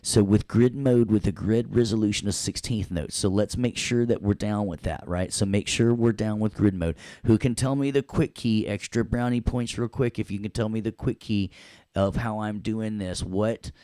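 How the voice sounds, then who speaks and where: His pitch fairly low and his tone warm, a Tennessee man with a Southern accent runs a casual class at a normal speed. He's jokey and playful, making sound effects along the way, on a dry recording.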